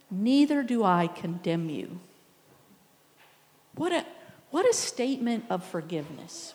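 A woman's voice: medium pitch, in a large hall. A woman pastor preaching a sermon in a conversational, reflective way, often asking the listeners questions. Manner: reflective, with soft laughs.

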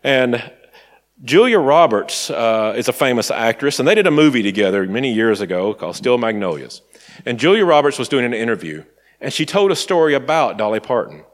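A man from Tennessee preaching a conversational sermon and telling stories, sometimes dropping to soft asides. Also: medium pitch.

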